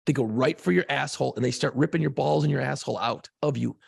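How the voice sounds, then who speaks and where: Podcast guy with a gravelly raspy voice, cussing a lot, all worked up telling a story. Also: medium pitch, fast talker, no echo, clean studio sound. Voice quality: gravelly, husky voice. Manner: profane, excitable storytelling. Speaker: podcast co-host. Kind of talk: casual podcast chat.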